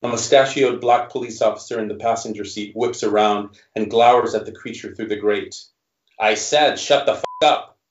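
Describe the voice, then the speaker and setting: A male author reading his own fiction aloud in a measured narration, then answering questions. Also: on the low side, a little mellow. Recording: roomy, dull recording.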